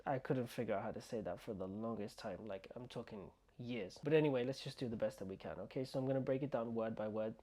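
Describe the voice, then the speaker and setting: A man teaching pronunciation, slowly sounding out syllables and repeating them, with quick asides in between. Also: mid-range voice, mellow. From United Kingdom. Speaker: Arabic teacher. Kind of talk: pronunciation lesson, slow modeled repetition.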